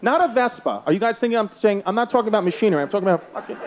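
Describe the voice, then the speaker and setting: Brash New York comedian, high voice. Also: male voice, animated, rapid-fire, few pauses. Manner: brash, profane, laughing through punchlines. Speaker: stand-up comedian. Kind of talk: stand-up comedy with crowd work. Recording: loud live crowd and noise. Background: loud crowd laughter.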